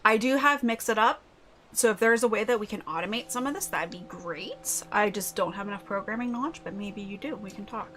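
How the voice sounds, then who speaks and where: A young woman streaming a video game live, chatting with viewers and yelling excitedly at the game. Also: mid-range voice, brisk, faint music behind.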